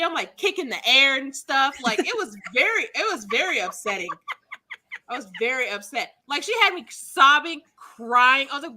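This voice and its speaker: Animated woman ranting loudly. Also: sits high, normal speed. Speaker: podcast co-host. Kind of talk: casual chat.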